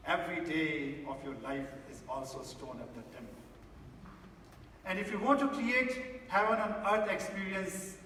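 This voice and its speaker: A man's voice: fairly high pitch, sharp tone, recorded from a distance, slight background noise. A man giving an inspirational stage talk, telling a story and speaking emphatically to the audience, from a large theatre stage. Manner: emphatic, addresses the audience directly. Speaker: motivational speaker. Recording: echoey theatre hall from afar.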